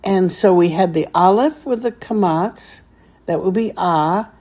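A woman's voice: fairly low pitch, unhurried, a little mellow. A woman teaching a beginners' Hebrew reading lesson, patiently sounding out each syllable step by step.

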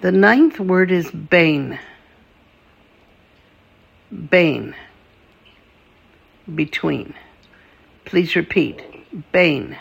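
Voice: mid-range voice, expressive, extremely slow, creaky, pauses often, breathy edge. A language teacher running a patient vocabulary drill, saying each word and asking the listener to repeat it.

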